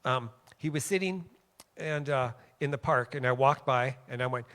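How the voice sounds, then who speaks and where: A man from Western Canada gives a sermon in a church, chatty and story-driven. His voice sits at a mid pitch, and he lifts it with energy when he acts out other people's lines. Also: moderate pace. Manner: conversational, animated when quoting others, frequent "okay?". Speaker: guest preacher. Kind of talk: sermon with personal stories. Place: church sanctuary.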